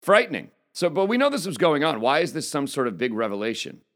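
Emphatic man with lively pitch. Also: quick pace. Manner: emphatic, indignant, reads quotes aloud. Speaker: political commentator. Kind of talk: opinion monologue.

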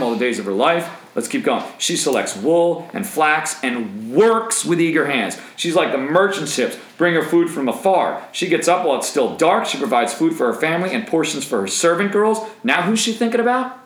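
A man in his thirties preaching a sermon in an animated, joking way, with asides to the crowd. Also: a little high, moderate pace, roomy sound, rough recording. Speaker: pastor.

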